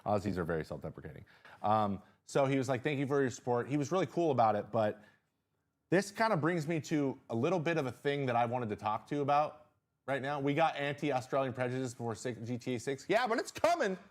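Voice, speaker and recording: A man hosting a casual live-stream chat from a small studio, animated, jumping high in pitch when he reacts, with lots of fillers and restarts. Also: fast. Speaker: host.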